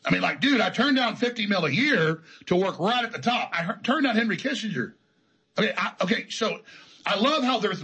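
A man's voice: high-pitched, expressive, fairly quick, sharp tone, slightly rough, low-quality recording. A man telling his story as an interview guest, in an emphatic, defiant, rambling way. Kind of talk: heated conversational storytelling.

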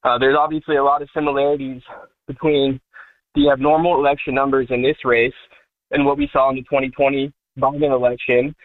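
A man's voice: medium pitch, flat delivery, brisk, no echo. A male caller lays out his case in an earnest, methodical way. His voice comes through a tinny phone line. The sound is dry.

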